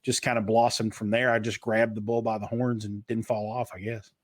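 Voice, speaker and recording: A man's voice: on the low side, level tone, fairly quick, no room sound. A man in his fifties speaks with a slight Eastern Kentucky twang. His delivery is fluent and practiced, like a trained broadcaster telling stories in an interview. The sound is dry and close. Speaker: guest. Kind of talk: casual interview storytelling.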